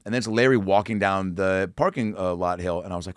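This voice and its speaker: A man chatting as a guest comedian, rattling off stories at a quick clip and acting out the people in them. His voice sits fairly low, and the sound is dry and close to the mic. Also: no room sound. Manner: rambling, animated, full of fillers and acted-out quotes. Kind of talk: casual storytelling chat.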